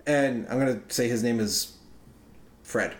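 A man's voice: mid-range voice, measured pace. Man telling a rambling, profane story. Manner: profane, rambling, loose and chatty. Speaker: podcast co-host. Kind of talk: casual storytelling among friends. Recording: roomy echo.

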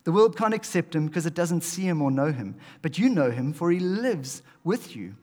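A man preaching a sermon, animated, swinging between loud emphasis and hushed asides. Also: fairly high pitch, normal speed. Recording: long hall reverb.

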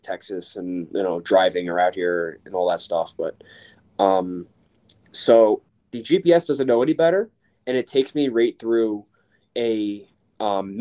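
A man's voice: on the low side, warm tone. A man from Long Island telling a story in a rambling way, with lots of fillers and restarts. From Long Island, New York. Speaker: podcast co-host. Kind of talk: casual storytelling.

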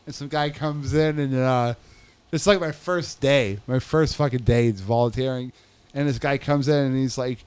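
A man's voice: medium pitch, fairly even intonation, normal speed, a little mellow, smooth. A man telling stories in a casual, profane chat, acting out other people's voices as he goes.

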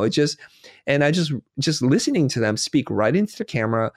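A middle-aged man chatting as a guest, telling stories with lively acted-out dialogue. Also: medium pitch, a little fast, no room sound, studio quality. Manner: animated storyteller, acts out dialogue. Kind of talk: casual conversation.

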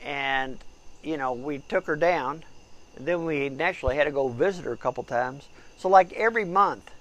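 A man's voice: fairly high pitch, normal speed, a bit bright, low-quality recording. A middle-aged man co-hosting a casual outdoor chat show, telling rambling stories full of restarts. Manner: rambling storyteller with frequent restarts. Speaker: podcast co-host. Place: outdoors at night by a fire.

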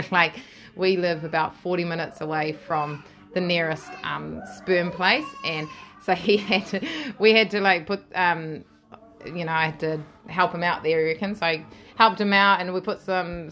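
A woman's voice: lowish voice, fairly even intonation, normal speed, a bit bright. A woman in her thirties with a New Zealand accent, telling her story to an interviewer in a frank, laughing way and swearing freely. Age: 30s. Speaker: interview guest. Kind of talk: candid storytelling.

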